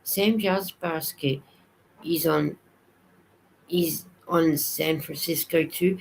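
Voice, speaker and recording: A woman's voice: sits low, steady tone, takes it slowly, gravelly, pauses often, a little hiss or hum, poor audio. An Australian woman chatting casually on a live stream, reading viewers' comments aloud and answering them as she goes.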